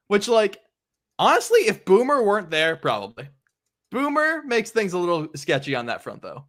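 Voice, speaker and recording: A young male host talks through a comic book in a loose, rambling podcast chat. His voice sits a touch higher than most men's, and he fills the gaps with "like" and "um" as he recaps scenes. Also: very animated, brisk, fairly bright tone. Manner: rambling retelling, heavy on "like" and "um". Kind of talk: casual comic book discussion.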